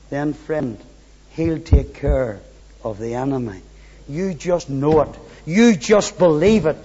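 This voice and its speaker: A man preaching a sermon, fervent, with quiet, low pleading asides. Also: slow, husky. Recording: dull sound in a large reverberant hall.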